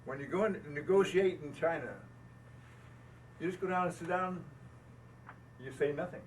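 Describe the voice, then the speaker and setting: An older American man with a fairly high voice tells folksy boat-building stories to an owners' gathering, laughing at himself along the way. He speaks at a normal pace, well off the mic, so the low-quality recording carries faint room ambience and a bit of hiss or hum.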